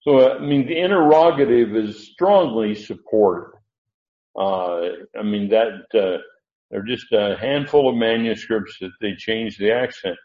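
A man's voice: on the low side, unhurried, a little mellow. A man giving informal Bible teaching, rambling and correcting himself as he thinks aloud. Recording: echoey, dull lo-fi room recording.

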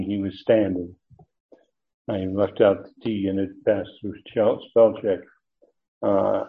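A man teaching a verse-by-verse Bible study lecture, talking in a halting way with frequent fillers and restarts. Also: lowish voice, little pitch movement, creaky. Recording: tinny phone-like audio.

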